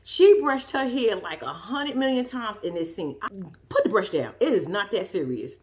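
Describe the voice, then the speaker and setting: A woman's voice: medium pitch, animated, moderate pace. A woman giving a sassy, profane, casual commentary as she recaps a reality show episode. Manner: blunt, profane, sassy storytelling.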